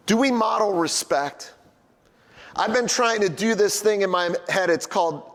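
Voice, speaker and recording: A man's voice: high-pitched, normal speed, a bit bright, long reverb tail. A middle-aged man preaching a sermon as a pastor, telling everyday stories in a conversational, humorous way. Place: church sanctuary.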